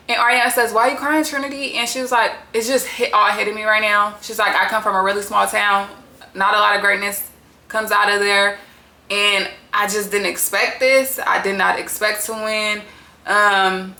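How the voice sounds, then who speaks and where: A woman's voice: medium pitch, fairly even intonation, moderate pace, sharp tone, reverberant. A woman recapping a reality show in a casual, profane and opinionated way.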